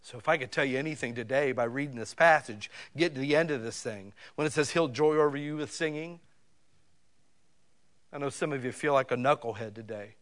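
A man's voice: mid-range voice, fast talker, hardly any pauses, a bit bright. A man preaching a sermon in a folksy, conversational way, talking directly to his listeners with emphatic swells. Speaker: pastor.

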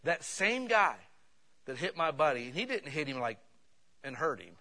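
A man preaching a sermon, telling personal stories in an animated way that swings between loud bursts and hushed asides. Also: on the high side, moderate pace.

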